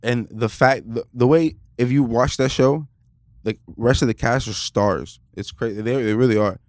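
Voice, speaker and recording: A man banters loosely as a podcast host, tossing out jokes and crude asides. His voice sits at an ordinary pitch and sounds close and dry, with barely any room around it. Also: no echo. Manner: joking, swearing, quick asides.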